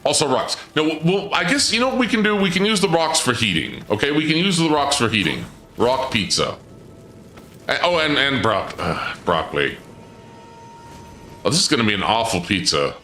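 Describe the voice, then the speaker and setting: A man live-streaming, chatting with his viewers in an excitable, stammering way, his voice often leaping up when surprised. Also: medium pitch, normal speed. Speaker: livestreamer. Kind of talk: live-stream chat banter. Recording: echoey room with game music behind.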